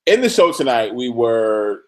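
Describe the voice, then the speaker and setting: A man with a voice of ordinary pitch co-hosts a TV recap show. He talks in an animated way and laughs easily while he chats with his partner. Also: unhurried. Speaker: podcast co-host. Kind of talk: casual TV recap chat.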